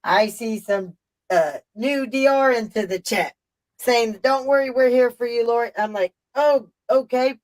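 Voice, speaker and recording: This middle-aged live stream host speaks at a measured pace in a fairly high voice, captured on a low-quality recording. She tells a story in casual chat, rambling, profane and emphatic.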